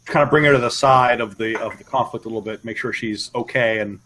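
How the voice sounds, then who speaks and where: A man playing a tabletop game, explaining his character's actions in a halting way with frequent restarts. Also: mid-range voice, pushed and bright, a little hiss or hum, poor audio. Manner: halting, many restarts and repeats. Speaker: player. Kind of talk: casual tabletop play.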